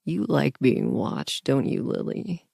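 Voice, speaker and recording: A woman voicing a commanding, dominant grown man in an audiobook romance, speaking in a low, domineering murmur. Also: very animated, slow pace, vocal fry, warm tone, husky, dry recording, studio quality, full character voice.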